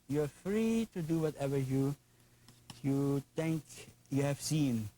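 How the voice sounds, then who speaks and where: An older man with a German accent teaches a painting lesson, enthusiastic, folksy, and chatty, with playful asides. His voice is on the high side, expressive, slow, and dark, though the recording is rough.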